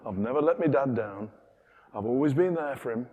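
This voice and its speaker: A man's voice: mid-range voice, animated, a little fast, narrow, tinny audio, lightly acted. A bitter, dutiful older son, voiced by a man preaching, lists his hard work with self-righteous indignation. His complaints hang in the long reverb of a big church hall. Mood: resentful.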